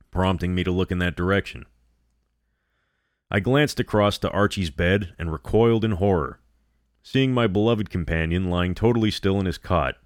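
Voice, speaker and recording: A very deep male voice narrates a scripted horror story at a steady, measured pace. The recording is dry and close, without any echo.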